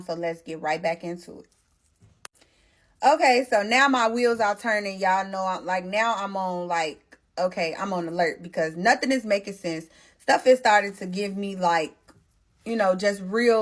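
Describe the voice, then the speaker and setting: A young woman telling a personal story to her followers in a casual, animated way, with blunt slang and swearing. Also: medium pitch. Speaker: storytime vlogger.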